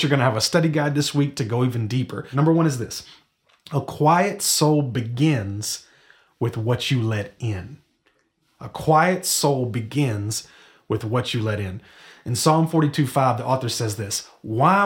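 A man in his thirties preaching a sermon in a conversational way, asking the audience questions and slowing down to stress key phrases. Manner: conversational, rhetorical questions, drops to a low slow emphasis on key phrases. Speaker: pastor.

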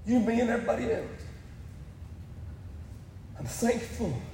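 In a church sanctuary, a male pastor with a strikingly high voice delivers a sermon that rings through the echoey hall with a long reverb tail. Quoting scripture, he builds to loud, emphatic peaks.

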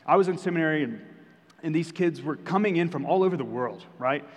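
A man's voice: fairly high pitch, fairly quick. A young adult man preaching a sermon as pastor, conversational with emphatic rises. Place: church sanctuary. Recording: long hall reverb.

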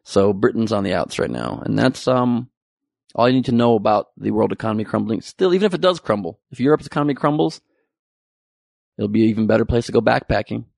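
A man's voice: on the low side, fast, vocal fry, a little mellow, no room sound, studio quality. A man delivering a sarcastic, profane topical comedy monologue with rambling asides.

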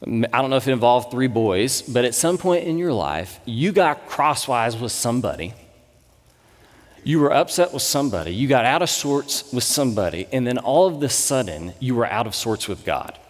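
A man in his thirties, a pastor, giving a sermon with conversational, animated storytelling. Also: medium pitch, moderate pace. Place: church sanctuary. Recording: long reverb in a church hall.

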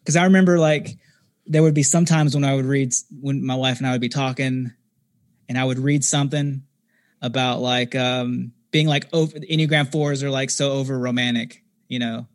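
A man in his thirties, a podcast guest, talking casually in a halting way with many fillers and restarts. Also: mid-range voice, steady tone. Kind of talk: casual conversation.

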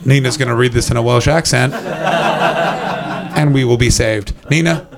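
A male stand-up comedian with a gravelly, creaky voice works the crowd on a club stage. His delivery is wry and teasing, with casual swearing, close on a handheld mic. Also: mid-range voice, unhurried, heavy background noise. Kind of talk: improvised stand-up with crowd work.

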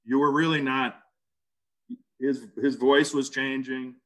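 A man casually recounting an ordeal in an interview, halting and animated. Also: medium pitch. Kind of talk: casual storytelling.

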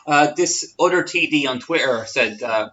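An Irish man co-hosting a casual chat, joking with deadpan asides. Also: on the high side, normal speed. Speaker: podcast co-host. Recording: dull lo-fi sound with faint noise.

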